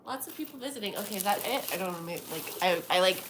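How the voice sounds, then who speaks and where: A woman's voice: medium pitch, expressive, fast, echoey room. A young woman live-streaming a casual unboxing from home, gasping and gushing with delight as she talks to her viewers. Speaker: livestreamer. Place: home at night. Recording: noisy home stream audio.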